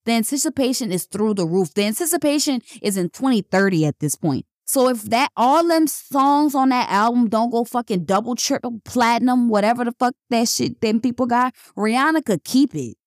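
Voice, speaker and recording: A woman's voice: on the high side, lively intonation, normal speed, hardly any pauses, no room sound, clean studio sound. A woman hosting a casual podcast monologue, talking bluntly and emphatically with plenty of swearing. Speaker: podcast host.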